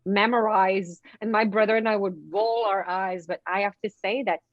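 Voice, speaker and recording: Canadian woman telling stories on a podcast, bouncy and animated, dry muffled audio. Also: moderate pace, dry recording. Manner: animated, repeats words, swings pitch when telling stories. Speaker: podcast guest, confidence coach. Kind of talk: casual interview storytelling. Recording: dry, dull lo-fi sound.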